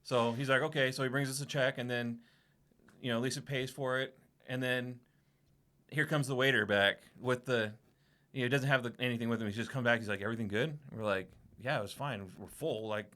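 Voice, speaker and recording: A man telling a profane, animated story on a casual podcast, acting out what everyone said. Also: medium pitch, a little fast. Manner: profane, animated anecdote-telling with acted-out quotes. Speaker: podcast co-host.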